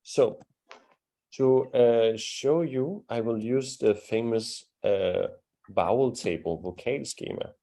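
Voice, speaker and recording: A man's voice: medium pitch, warm tone. A man teaching a live language class, patiently demonstrating sounds and encouraging students.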